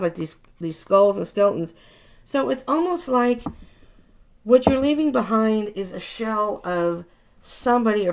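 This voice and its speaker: Female tarot reader, gravelly voice, relaxed chatty reassuring delivery, casual vlog. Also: mid-range voice. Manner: chatty, reassuring, with frequent restarts. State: tired.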